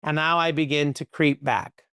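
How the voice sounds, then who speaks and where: A man, a podcast guest, telling stories in a lively conversational way, full of "like" and "right?". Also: fairly high pitch, smooth, no echo, clean studio sound. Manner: animated, quick, peppered with "like" and "right?". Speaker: podcast guest, company leader. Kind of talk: conversational storytelling.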